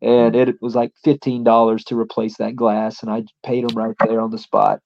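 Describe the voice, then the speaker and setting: A man's voice: medium pitch, level tone, normal speed, creaky, darkish tone, highs cut off. A man, a pro wrestler appearing as a guest, telling a casual story in a rambling way with lots of fillers.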